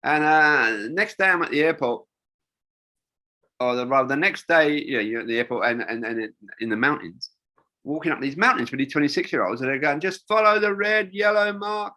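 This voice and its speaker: A man's voice: medium pitch, lively intonation, a little fast, sharp tone. An older man, a wingsuit designer, telling rambling stories in a casual interview, with lots of fillers and restarts.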